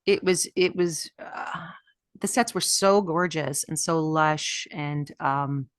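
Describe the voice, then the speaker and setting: A woman's voice: low-pitched, takes it slowly, no echo, studio quality. A woman puppeteer, a guest in an interview, talking enthusiastically about her work. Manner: enthusiastic, with fillers and laughs. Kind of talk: casual interview chat.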